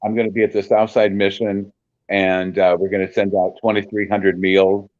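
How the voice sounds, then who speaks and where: A man guest speaking earnestly and warmly about his holiday plans, halting with fillers. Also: on the low side, little pitch movement, dry recording, muffled recording. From Peoria, Illinois area. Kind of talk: casual chat.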